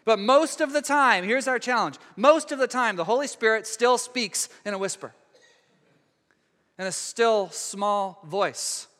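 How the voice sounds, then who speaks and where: A man preaching a sermon in a conversational way, stumbling over restarts and dropping to a hush for emphasis. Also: high-pitched, unhurried. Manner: conversational preaching with frequent restarts, dramatic hushed drops. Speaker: pastor. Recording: long hall reverb.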